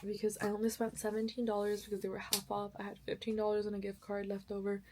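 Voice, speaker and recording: A woman's voice: medium pitch, completely flat delivery, quick pace, background noise. Chatty young woman vlogging about books. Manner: chatty and rambling, correcting herself often. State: tired. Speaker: book vlogger. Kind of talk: casual chat to camera.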